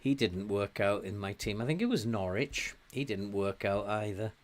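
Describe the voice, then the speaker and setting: An older Englishman with a lowish voice speaks at normal speed while playing a football management game. The game streamer keeps up casual, chatty commentary, laughing often and cheering his team on.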